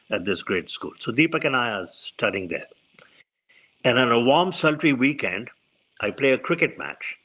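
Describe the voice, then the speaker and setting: A man's voice: lowish voice, poor audio. A man, a physician telling stories as an interview guest and acting out the voices he quotes. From India. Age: 70s. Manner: animated storyteller who acts out quoted voices. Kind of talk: storytelling in an interview.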